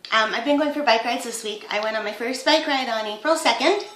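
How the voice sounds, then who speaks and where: A woman's voice: on the high side, brisk, fairly bright tone, roomy sound, rough recording. A woman in her fifties chatting casually to camera at home as a vlogger, rambling through her week in an easy, talkative way. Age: 50s.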